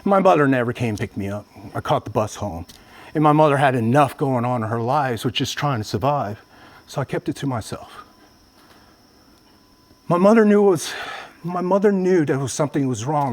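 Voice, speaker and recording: A man's voice: medium pitch, animated, moderate pace. A man from Vietnam giving a public talk, telling a personal story earnestly and addressing the audience directly. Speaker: motivational speaker. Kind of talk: public speech.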